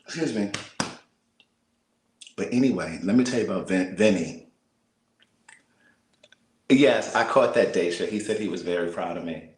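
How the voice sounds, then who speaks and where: An American man talking casually to live viewers from a small apartment, speaking softly and half-whispering, laughing and reading out comments. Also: low voice, expressive, normal speed, long pauses, echoey room, low-quality recording. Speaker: vlogger on a livestream.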